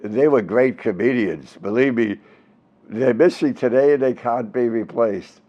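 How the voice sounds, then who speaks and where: In a muffled recording, a man in his nineties from Brooklyn, New York, is interviewed about his stage days. He talks unhurriedly in a medium-pitched voice, animated throughout and breaking into comic voices, impressions and snatches of song.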